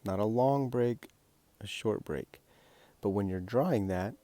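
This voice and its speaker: A man with a very deep, low-pitched voice teaches a language lesson. He walks through each step of the exercise patiently and plainly, like a teacher at a whiteboard. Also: unhurried, dark tone. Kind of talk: instructional explanation.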